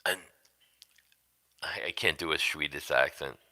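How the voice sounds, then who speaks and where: A man's voice: extremely low pitch, measured pace, sharp tone. A middle-aged man hosting a casual livestream from home, telling rambling, profane stories and laughing often. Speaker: livestream host.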